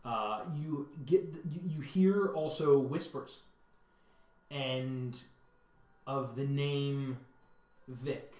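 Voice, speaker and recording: A man narrating a tabletop game as game master, halting and repeating words as he describes scenes. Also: mid-range voice, darkish tone. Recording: echoey room.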